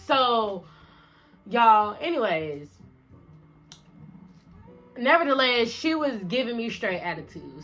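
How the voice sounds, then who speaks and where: Young woman spilling a storytime, AAVE slang, bright voice, acts out every line with big jumps up and down. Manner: animated, slangy, acts out dialogue with big pitch jumps and laughs. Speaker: vlogger. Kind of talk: storytime vlog.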